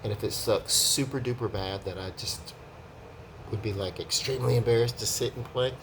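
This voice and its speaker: A man's voice: medium pitch, moderate pace, background noise. A man vlogging about being a musician in casual chat, rambling and self-deprecating, with no separate microphone. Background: acoustic guitar playing.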